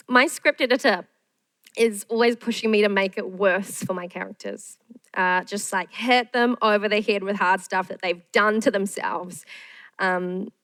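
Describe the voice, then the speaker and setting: A woman's voice: mid-range voice, a bit bright, dry recording, low-quality recording. A woman screenwriter giving a candid masterclass talk, frank and self-deprecating.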